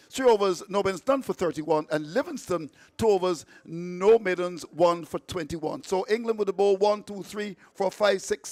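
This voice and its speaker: Chatty playful guy on cricket radio, high voice, trips over words a bit. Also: darkish tone, dry recording. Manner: chatty, playful, stumbles and restarts. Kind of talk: radio sports commentary, reading scorecard.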